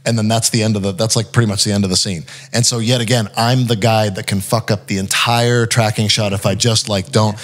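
A lower-pitched man talks through backstage stories in relaxed, casual chat. He keeps slipping into quick impressions of the people he quotes, padding his lines with fillers as he goes. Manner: animated, acts out quotes, frequent fillers. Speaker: podcast guest, actor.

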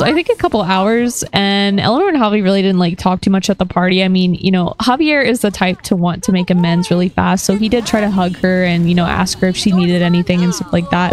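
A young woman who chats and giggles her way through casual storytelling about a life-sim game. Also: mid-range voice. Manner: chatty, giggly, full of fillers. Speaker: gaming video creator.

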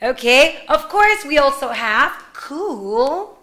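Woman kindergarten English teacher, high voice, slow careful delivery. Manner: animated, switches between English and Spanish, sings prompts. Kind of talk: online class for young children.

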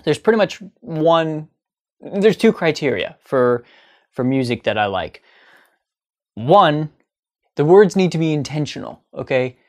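A man's voice: fairly high pitch, lively intonation, unhurried, long pauses, a little mellow, faint music behind. A man talking to camera in a casual comedic monologue, chatty and sarcastic. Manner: chatty, sarcastic, breaks into mocking sung parodies. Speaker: comedy vlogger.

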